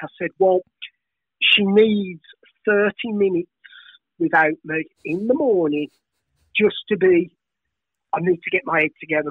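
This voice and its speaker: A middle-aged Birmingham man, very high-pitched for a man, talks as a guest in a rambling, hyper flow, swearing freely. His voice comes through a tinny, phone-like line. The sound is dry and close, with no room around it. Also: dry recording. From England. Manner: hyper, rambling, swears a lot, frequent laughs. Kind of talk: casual storytelling chat.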